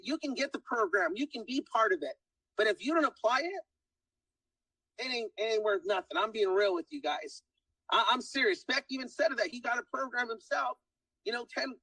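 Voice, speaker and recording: Repeating "guys" as he hypes up his listeners, a testimonial speaker delivers an emphatic motivational pitch in a very high, sharp voice. He's far from the mic, and the recording is dry and low-quality.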